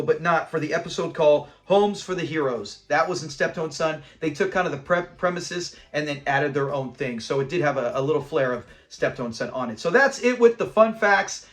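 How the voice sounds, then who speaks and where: A man's voice: a little high, fairly bright tone. A man hosting a casual episode review, enthusiastic and rambling into side notes while acting out the lines. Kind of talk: casual chat.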